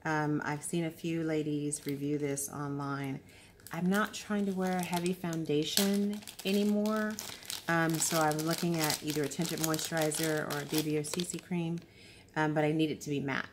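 A woman's voice: low voice, steady tone, moderate pace, background noise. A tired woman chatting casually through a beauty unboxing, rambling with fillers and restarts. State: tired after a long time awake. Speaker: beauty vlogger.

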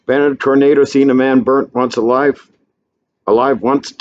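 A man voicing a calm, rueful Southern outlaw with a folksy drawl, read aloud on a dull lo-fi recording. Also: mid-range voice, moderate pace, voice pushed up, natural voice. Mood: calm confessional. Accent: American Southern. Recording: dull lo-fi recording, faint hiss.

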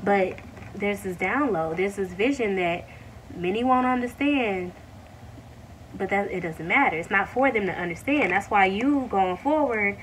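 Excitable tarot reader woman, slightly distant. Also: mid-range voice, a little hiss or hum. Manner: excited, animated bursts with drawn-out exclamations; addresses viewers as y'all, many fillers. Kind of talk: casual tarot reading.

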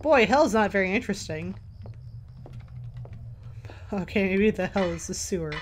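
A woman's voice: mid-range voice, animated, normal speed, long pauses. A woman commentating a horror game as she plays, a little tired, jumpy and swearing as she jokes to herself. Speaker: let's play gamer.

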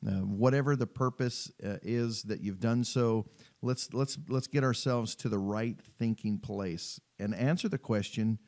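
A man's voice: medium pitch, a little mellow. A man hosting a podcast, giving earnest, informal devotional teaching to parents and often repeating and restarting his words.

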